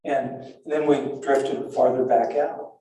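Older man, halting, booming echo. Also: fairly even intonation, mellow. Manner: halting and breathless, with frequent restarts and repeats. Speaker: survivor telling his story. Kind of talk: spoken first-person recollection. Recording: very echoey and far from the mic.

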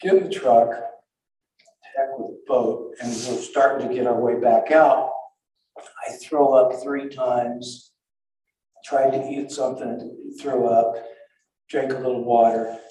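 An older man recounting a survival ordeal in a halting, breathless way, full of restarts and repeated words. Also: mid-range voice, steady tone, dark tone. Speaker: survivor telling his story. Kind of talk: spoken first-person recollection. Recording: very echoey and far from the mic.

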